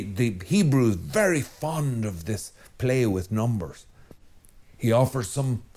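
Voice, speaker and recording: Irish priest giving a sunday homily, talks slow and easy, wanders off on tangents, says things twice for emphasis. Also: male voice, lowish voice, warm tone. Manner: conversational and digressive, repeats phrases for emphasis.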